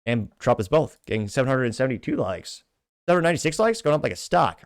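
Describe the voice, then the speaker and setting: A man's voice: mid-range voice, sing-song, fast talker, no echo, clean studio sound. A man hosting a commentary podcast, reading social media replies aloud with sardonic asides and frequent self-corrections. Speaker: show host.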